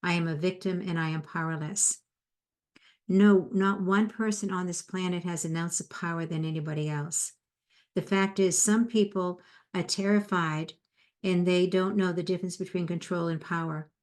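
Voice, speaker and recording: A woman's voice: on the low side, fairly even intonation, moderate pace, a little mellow. A woman in her fifties or older, a psychotherapist giving a motivational talk in a conversational way, mixing in personal stories. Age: 50s or older. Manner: conversational, tells personal anecdotes. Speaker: psychotherapist and speaker.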